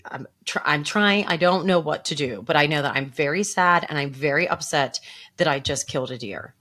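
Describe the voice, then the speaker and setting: A middle-aged woman with a notably low voice chats on a podcast. She tells stories with animated energy and acts out her own panicked lines. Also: normal speed. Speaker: podcast co-host. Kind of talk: casual chat.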